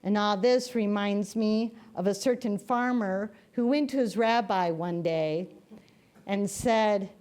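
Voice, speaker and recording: A woman's voice: mid-range voice, takes it slowly, a little mellow. A woman minister giving a sermon in a conversational, storytelling manner.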